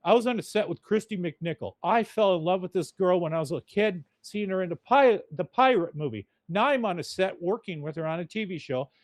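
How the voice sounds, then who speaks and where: Male podcast host, cursing, blunt rambling rant, slightly high voice, dry close sound. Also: lively intonation, a little fast, few pauses, no echo. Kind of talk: casual rant.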